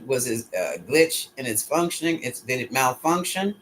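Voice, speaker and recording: A man's voice: medium pitch, sing-song, normal speed, fairly bright tone, slight background noise. A man giving a casual solo tarot reading, musing aloud and putting questions to his pendulum. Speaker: tarot reader.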